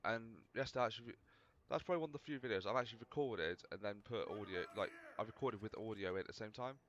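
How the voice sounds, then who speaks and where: Over his own gameplay, a gaming video host chats and rambles with self-mocking humor, talking fast in a lowish, slightly bright voice. The sound is lo-fi with a little hiss or hum, and his mic is slightly overdriven.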